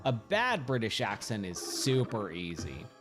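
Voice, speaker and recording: A man's voice: on the low side, huge pitch swings, measured pace. A man streaming a pinball game, chatting casually and rambling, often repeating himself as he thinks aloud. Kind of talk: casual gameplay chat. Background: game music.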